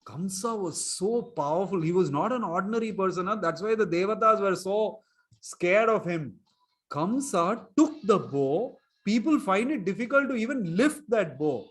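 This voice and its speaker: High-voiced man telling stories to kids. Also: lively intonation, moderate pace. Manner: chuckles often, quizzes the children. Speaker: storyteller teaching children. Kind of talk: storytelling lesson for kids online.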